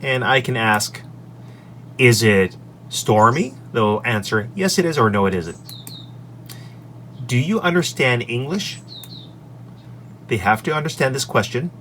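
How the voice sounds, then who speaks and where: A man who teaches English, recorded in his office on a desk microphone, walking through his lesson slides in an upbeat way and saying each example sentence clearly. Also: mid-range voice, expressive, measured pace, pauses often, fairly bright tone, slight background noise. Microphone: desk microphone on an extension arm.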